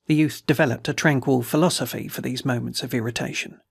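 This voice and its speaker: A man narrating a classic novel as an audiobook, reading in a steady, measured way. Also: medium pitch, gravelly, husky, no room sound, studio quality.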